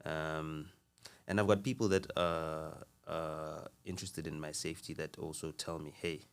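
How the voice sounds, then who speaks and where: Male podcast guest, very deep and monotone, measured and earnest. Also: smooth. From South Africa. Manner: earnest, measured, with frequent fillers and restarts. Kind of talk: casual conversational talk.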